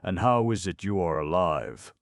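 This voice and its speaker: A big, blustering lion, as a man reads him in an audiobook, roaring in a husky, gravelly way. The voice is very deep and gruff, recorded close and dry. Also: normal speed, no echo. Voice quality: husky roar. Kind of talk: audiobook narration.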